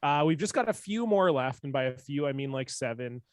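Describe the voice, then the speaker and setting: A man hosting a live podcast talks in a casual, conversational way, sprinkling in dry jokes. His voice sits at a middle pitch and sounds close and dry, with no room echo. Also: expressive, brisk. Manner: dry, joking asides. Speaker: podcast host.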